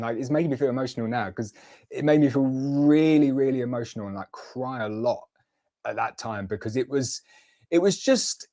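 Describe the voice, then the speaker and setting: A man's voice: medium pitch, a little mellow. A man from the UK in his thirties, hosting a beekeeping livestream in a rambling, heartfelt way full of fillers and restarts. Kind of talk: casual livestream chat.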